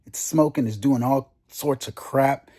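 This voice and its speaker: A man's voice: medium pitch, unhurried. A young man vlogging about his car, telling a long story in a casual rant and acting out the conversations he quotes. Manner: animated, acts out quoted conversations.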